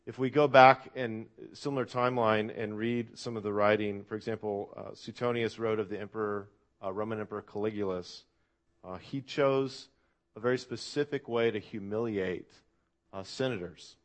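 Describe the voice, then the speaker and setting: A man's voice: lowish voice, fairly even intonation, normal speed. A man preaching a sermon to a church congregation in an earnest, reflective way. He often asks the listeners questions and uses "uh" fillers. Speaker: pastor.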